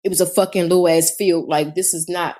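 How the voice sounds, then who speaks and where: A cheer coach and podcast co-host talks briskly in a lowish voice during casual chat. Her storytelling is animated, full of acted-out quotes and plenty of swearing.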